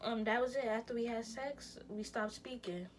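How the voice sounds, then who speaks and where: A young woman vlogger telling a personal story in an animated, slangy way, speaking straight to her viewers and swinging between loud outbursts and hushed near-whispers. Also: a little high, moderate pace, slight background noise. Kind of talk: casual storytime vlog.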